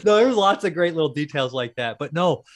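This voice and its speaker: A man's voice: on the high side, animated, brisk. A man hosting a podcast, chatting about horror films in a laid-back, profane way and laughing often. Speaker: podcast host. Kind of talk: casual horror film chat.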